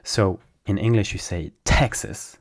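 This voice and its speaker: Male French native, French accent, lowish voice, relaxed teacher modeling words out loud. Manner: explains slowly, models words by repeating them. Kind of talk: casual spoken lesson.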